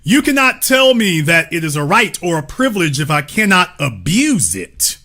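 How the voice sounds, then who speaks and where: An American man holds forth in an impassioned talk, his voice bright and forceful with a lively, swooping pitch. He builds his points like a preacher, hammering lines again and again. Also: normal speed. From United States. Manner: emphatic, preacher-like, repeats lines for effect. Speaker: commentator in a cultural discussion.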